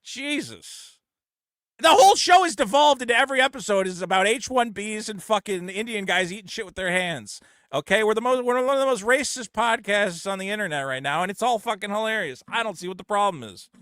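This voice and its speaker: Bright, animated man ranting on a podcast. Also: high-pitched, brisk, dry recording, studio quality. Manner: loud, profane, ranting. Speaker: podcast host. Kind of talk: casual call-in chat.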